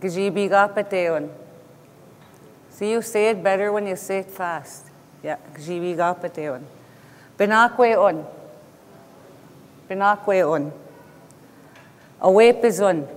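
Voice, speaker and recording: A man teaching a language class who says each word slowly and then repeats it. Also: sits high. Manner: slow, patient, repeats each word twice. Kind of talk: language lesson, repeating vocabulary. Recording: echoey room with long reverb.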